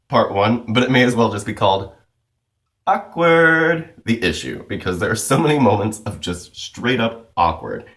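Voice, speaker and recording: A man giving a casual, chatty recap as a comic book reviewer, loose and full of "like" and "you know". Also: on the low side.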